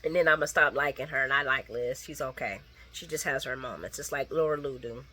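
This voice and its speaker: A woman's voice: a little fast, sharp tone. A woman recapping a soap opera in casual late-night chat, blunt and sassy, talking straight to her viewers and acting out characters' lines. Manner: sassy, blunt, talks to viewers as "girl" and "guys"; acts out characters' lines with big pitch jumps.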